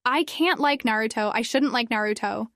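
A woman's voice: a little high, normal speed, fairly bright tone, no echo, studio quality. A woman voicing an upset, blunt teenage girl who talks in whiny, exasperated outbursts.

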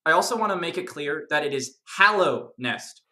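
A speaker explaining video game lore in a casual, animated discussion, chatty and jokey with many fillers and restarts. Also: mid-range voice, normal speed, echoey room.

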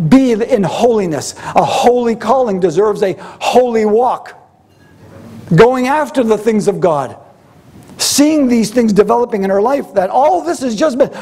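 Husky preacher with a lively, high voice. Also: male voice. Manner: preaching with rhetorical questions and repetition. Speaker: pastor. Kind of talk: sermon.

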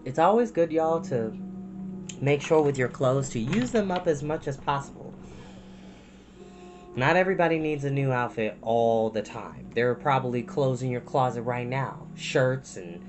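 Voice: medium pitch, lively intonation, moderate pace, over music, poor audio. Chatty storyteller reading aloud. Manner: chatty, folksy asides to listeners. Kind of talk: chapter book read-aloud with asides.

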